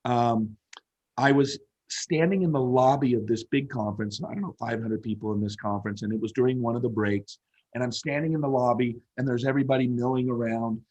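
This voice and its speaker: A man in his fifties tells a story as an interview guest, speaking at a middle pitch. He talks in an animated, emphatic way and repeats key phrases to drive them home. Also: muffled recording. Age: 50s.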